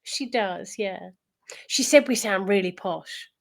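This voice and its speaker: Speaking slowly in a creaky, mid-range voice, this woman co-hosts a podcast. Her southern English accent comes through in the giggly, chatty back-and-forth.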